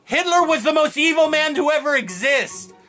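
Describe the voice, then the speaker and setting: An incredulous male straight-man puppet, voiced by a man in a comedy sketch. His voice is high and sharp, and he fires back question after question. Music plays faintly behind. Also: animated, normal speed, heavily acted.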